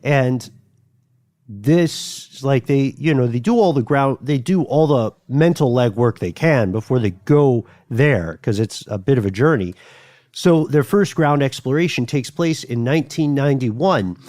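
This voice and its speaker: A podcast co-host tells a history story in a chatty, loose way, leaning on many fillers. His medium-pitched voice is a little slow and darkish, in studio-quality sound with no echo.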